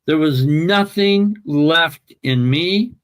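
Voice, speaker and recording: A man recounts a hard family story in an interview, speaking slowly and emphatically. His voice sits a little high and carries strong emotion throughout. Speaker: interview guest. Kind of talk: personal storytelling.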